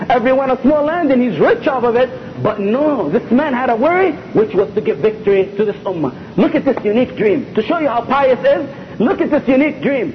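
A man preaching a sermon with speech, telling stories animatedly and repeating phrases for emphasis. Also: sits high. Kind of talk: sermon storytelling. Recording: dull lo-fi lecture recording with faint hiss.

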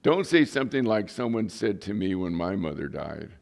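A man's voice: sits low, sing-song, normal speed, vocal fry, darkish tone. A middle-aged man, a pastor and police chaplain, preaching a sermon in a plainspoken, earnest storytelling way.

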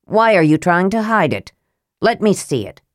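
A woman voicing a stern, suspicious male knight with a gruff, blunt, demanding way of talking. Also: lowish voice, big pitch swings, moderate pace, no room sound, clean studio sound.

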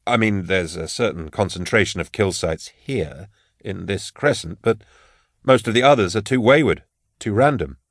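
A man voicing a brisk, no-nonsense female officer in charge, talking in a businesslike way. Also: on the low side, lively intonation, no echo, studio quality. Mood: impatient.

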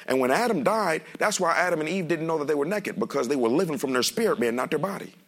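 A male pastor preaching a sermon in a lively, joking way, speaking straight to the congregation. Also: a little high, fast talker, vocal fry. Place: church sanctuary.

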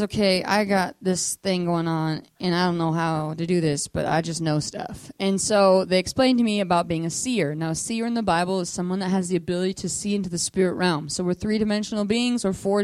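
A woman giving a casual, animated testimony sermon to a church audience, full of fillers like "like" and acting out the voices of people in her story. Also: fairly low pitch, no echo.

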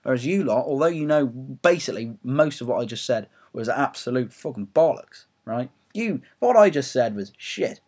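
A man's voice: mid-range voice, expressive, moderate pace, hardly any pauses, a little mellow, breathy edge. Young English man, home audio blog, rambling football rant, sweary and self-deprecating. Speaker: football fan blogger.

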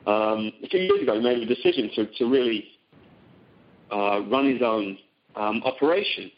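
Halting man on a call. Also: on the low side, lively intonation. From Britain. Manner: halting, many ums and restarts. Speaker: teleseminar guest. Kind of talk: conversational phone seminar talk. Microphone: phone call. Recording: dull lo-fi call audio.

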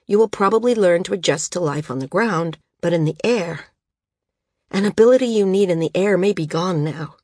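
A woman doing a quiet, weary old healer man. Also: fairly low pitch, no echo, clean studio sound, lightly acted. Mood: grave. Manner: quiet and measured. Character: older male healer, gentle, grave, weary. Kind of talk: audiobook character voice.

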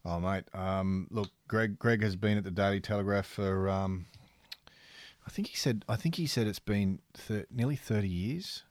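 A man's voice: on the low side, moderate pace, no echo. An Australian man, a sports photographer, chatting on a podcast in a laid-back, matey, rambling way. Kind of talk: casual podcast chat.

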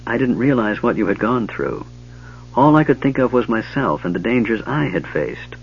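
A man voicing a stern, proud male plainsman warrior who speaks in a hushed, tender, formal way, in a dull lo-fi recording. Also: medium pitch, very animated, moderate pace, slight background noise.

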